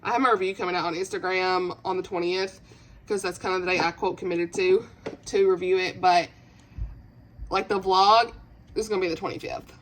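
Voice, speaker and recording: A woman's voice: on the low side, fairly even intonation, brisk, slight background noise. A woman chatting in a reading vlog, emotional and gushing, laughing through tears. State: teary, voice breaking. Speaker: book vlogger. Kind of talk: casual reading vlog chat.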